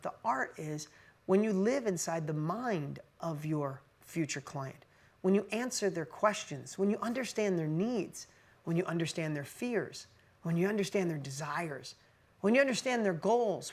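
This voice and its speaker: Energetic middle-aged man giving motivational talk. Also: high-pitched. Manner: energetic, storytelling, rhetorical questions. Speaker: business speaker.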